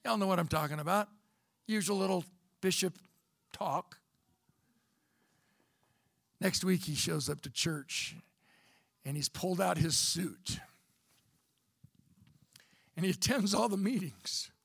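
Gravelly, folksy male storyteller. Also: high voice, slow pace, pauses often, fairly bright tone, no room sound, studio quality. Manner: folksy, conversational. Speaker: speaker, former bishop. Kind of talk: storytelling talk.

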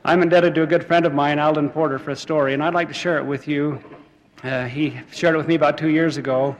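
A man's voice: fairly high pitch, fairly even intonation, fast, a little hiss or hum. A man giving an earnest sermon to church brethren, urging them on with some fillers and restarts, with a long hall reverb. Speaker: church speaker.

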